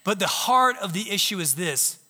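A male pastor preaching in a church sanctuary, a high, bright voice that tells stories and acts out the lines of others. It rings through a large hall with long reverb. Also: normal speed. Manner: animated storytelling, acting out quotes. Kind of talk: sermon.

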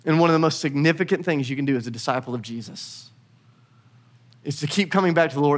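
Male pastor, 30s, slightly high voice; lively storyteller in the pulpit, earnest sermon delivery. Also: fast. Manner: storytelling, lively and earnest, dropping soft for prayer.

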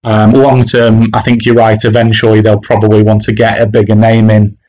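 Male podcast co-host with a low voice, relaxed, halting football talk. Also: low-quality recording. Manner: hesitant, many restarts and fillers. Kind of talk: casual football podcast chat.

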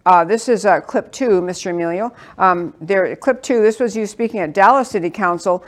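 A woman's voice: medium pitch, moderate pace. Enthusiastic woman interview host. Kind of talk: interview talk.

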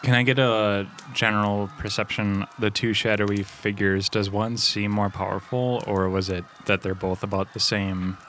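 A man's voice: fairly low pitch, fairly even intonation, normal speed, hardly any pauses, a bit bright, slight background noise. A man playing a tabletop role-playing game, talking through his moves in a casual, thoughtful way. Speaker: player.

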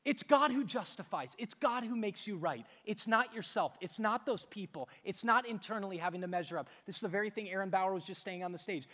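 High-voiced man preaching in a reverberant hall. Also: brisk, hardly any pauses, sharp tone. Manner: emphatic preaching with rhetorical questions and repetition. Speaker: pastor. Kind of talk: sermon. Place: church hall with a stage.

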